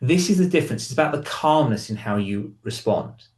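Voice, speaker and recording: A man's voice: medium pitch, animated, fairly quick, a little mellow, reverberant. A man, a hypnotherapist, explaining to camera and reading example lines in different tones. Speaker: hypnotherapist and relationship counsellor.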